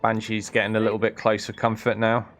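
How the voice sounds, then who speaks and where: A man's voice: lowish voice, monotone, fairly quick, fairly bright tone, soft background music. A man casually commentating on his gameplay, thinking aloud and often chuckling. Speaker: streamer.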